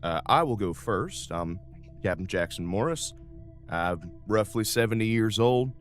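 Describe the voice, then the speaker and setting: A man's voice: lowish voice, lively intonation, unhurried, soft background music. A man voicing a folksy, easygoing older male starship captain in a tabletop game. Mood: chatty. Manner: folksy, drawling, uses ain't and y'all.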